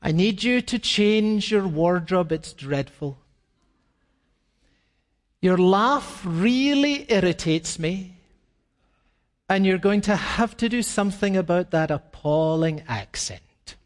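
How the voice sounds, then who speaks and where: A man's voice: sits high, animated, slow. A man voicing a young man who proposes marriage while listing his fiancée's faults, in a sermon recorded in a reverberant hall. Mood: condescending.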